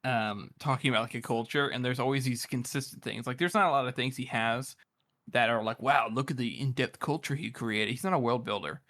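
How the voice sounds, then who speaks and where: A man's voice: medium pitch, brisk, fairly bright tone. A man co-hosting a casual book podcast, rambling and thinking aloud with many fillers. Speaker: podcast co-host.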